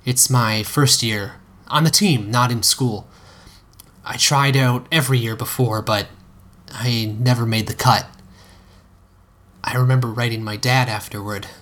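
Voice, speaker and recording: Man doing a sheepish teen boy, hesitant, stammering, everyday pitch, storybook reading. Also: fairly even intonation, measured pace, fairly bright tone, close to an everyday voice. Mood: confessional. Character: awkward, sheepish teenage schoolboy.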